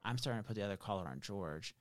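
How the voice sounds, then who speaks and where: A man telling a long story in casual, animated chat, swearing now and then. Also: on the low side, racing, no echo, studio quality.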